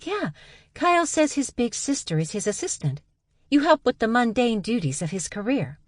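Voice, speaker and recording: A woman's voice: on the high side, big pitch swings, moderate pace, no room sound, clean studio sound, voice pushed up. Woman voicing an oblivious, guileless young woman. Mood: innocent. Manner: bright, matter-of-fact, guileless. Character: spacey, blunt young woman genius, oblivious.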